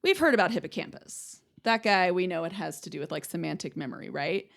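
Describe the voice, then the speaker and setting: A woman's voice: on the low side, lively intonation, a little fast, creaky. A young adult woman hosting an educational podcast, chatting casually and checking in with listeners as she explains. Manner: chatty, explains with analogies, checks in with "right?" and "okay?". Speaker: podcast host, speech-language pathologist.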